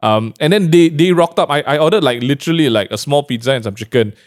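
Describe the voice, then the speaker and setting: A man's voice: on the high side, quick pace. A young man, telling a story in a casual chat, laughing often and acting out what others said. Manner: animated storyteller, laughs often, acts out quoted voices.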